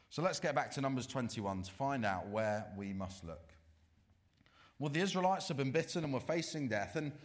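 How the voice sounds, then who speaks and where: Male preacher, very animated intonation, sermon delivery, dramatic drops to a hush. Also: medium pitch. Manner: dramatic swings from loud to hushed, slow emphatic warnings.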